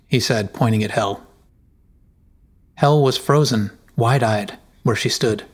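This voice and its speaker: Slow, measured male storyteller. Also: mid-range voice. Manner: measured, deliberate. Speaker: narrator. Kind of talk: storybook narration.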